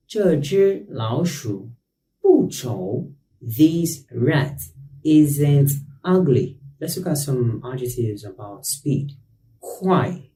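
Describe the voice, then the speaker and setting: A man teaching a beginner language lesson as the host. He explains patiently and repeats each word slowly. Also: mid-range voice, warm tone, slight background noise. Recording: roomy echo, distant mic.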